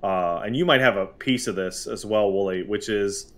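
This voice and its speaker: At a normal speed, a man with a voice on the low side hosts a casual podcast conversation. Hailing from Montreal with a Canadian accent, he tells stories in a lively, joking style.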